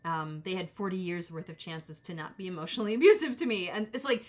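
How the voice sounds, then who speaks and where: A woman in her forties gives a casual tarot reading on a live stream, rambling and cutting herself off as she talks to viewers in chat. Her lowish voice is animated and brisk, with hardly any pauses.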